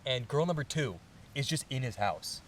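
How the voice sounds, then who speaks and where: A man's voice: mid-range voice, normal speed, slight background noise. A man co-hosting a podcast, chatting casually and recapping a manga plot, acting out the characters' lines as he goes. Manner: animated, acts out characters' lines mid-story. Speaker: podcast co-host.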